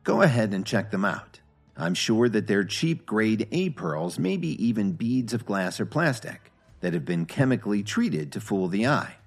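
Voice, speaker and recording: A man's voice: fairly low pitch, big pitch swings, measured pace, creaky, soft background music, full character voice. A man doing a cool, scornful expert. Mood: confident. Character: confident, blunt young man exposing fakes.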